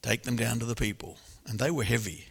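A man preaching a sermon in a church hall, lively and animated, often laughing and acting out voices. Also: medium pitch, a little fast, creaky, breathy edge. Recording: long hall reverb.

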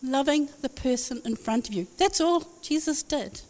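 High-voiced woman preaching in a hall. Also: animated, moderate pace, a little mellow. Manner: conversational, anecdotal, wry asides. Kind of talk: sermon with storytelling. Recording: long hall reverb.

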